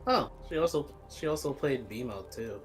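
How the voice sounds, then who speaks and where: Guy chatting on a game stream, middle pitch, lots of like and uh, faint music behind. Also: animated, normal speed. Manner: hesitant, full of "like" and "uh". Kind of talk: casual chat while gaming.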